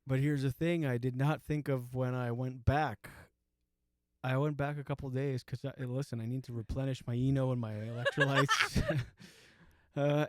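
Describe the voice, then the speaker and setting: In a clean studio recording without any room sound, a comedian host in his forties uses a mid-range voice. His comic monologue is a rambling, self-deprecating story packed with restarts and side remarks.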